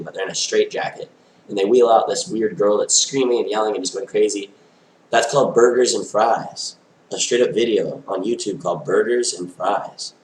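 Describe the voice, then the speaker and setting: A man's voice: fairly low pitch, roomy sound, a little hiss or hum, poor audio. A man talking to camera in a rambling, stream-of-consciousness monologue, full of "like" and loose tangents. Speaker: vlogger.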